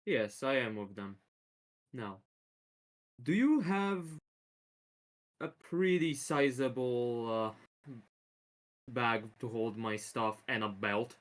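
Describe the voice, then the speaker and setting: A man taking part in a tabletop game as a player, speaking plainly and politely as his character. His voice is of middling pitch and unremarkable tone. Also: takes it slowly, long pauses. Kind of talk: casual tabletop game play.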